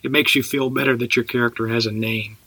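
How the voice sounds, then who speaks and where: A man's voice: mid-range voice, steady tone, quick pace, bright, forceful tone, husky, no room sound. A middle-aged man from Texas, an actor guest telling anecdotes in a casual podcast chat, laughing as he talks.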